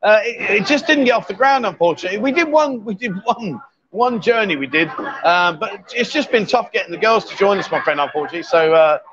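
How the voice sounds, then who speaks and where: A man's voice: high voice, lively intonation, fast, dull audio, noisy background. A man hosting a casual live stream from a busy bar, joking and reading viewer comments aloud. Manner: chatty, jokey, reads viewer comments aloud.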